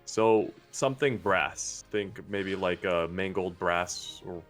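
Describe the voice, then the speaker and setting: A man running a tabletop game as game master, talking in a relaxed, hesitant way with lots of fillers. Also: low-pitched, slow pace. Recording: faint music behind.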